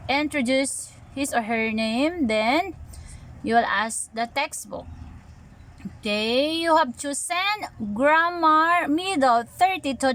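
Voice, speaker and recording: Woman, Filipino accent, English teacher, slow, instructive, high voice, phone recording. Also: fairly bright tone. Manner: patient, instructive, reads example lines aloud slowly; switches between English and Tagalog. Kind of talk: tutorial walkthrough of lesson materials. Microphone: handheld phone camera.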